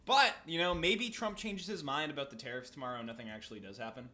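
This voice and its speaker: A man's voice: mid-range voice, fast talker, bright, forceful tone. A Canadian man with a Canadian accent in casual chat, rambling and thinking aloud with many fillers.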